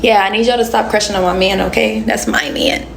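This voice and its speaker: A young woman chats on a phone livestream, answering viewers' comments with loose, slangy asides. Her mid-pitched voice has a gravelly, fry-tinged edge. A faint hiss sits under the recording. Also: steady tone, fairly quick. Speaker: livestream host. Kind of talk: casual livestream chat.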